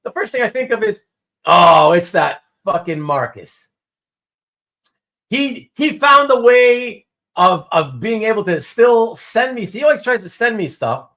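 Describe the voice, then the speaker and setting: A man's voice: very high-pitched, moderate pace. A man hosting a casual live stream from home, chatting with viewers and telling a story that he acts out. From Canada. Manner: animated storytelling, acts out quotes. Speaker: host.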